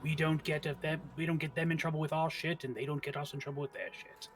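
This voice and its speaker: A man's voice: on the high side, little pitch movement, fast talker, slight background noise. A man playing a tabletop game, arguing in character in a blunt, matter-of-fact way. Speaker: player.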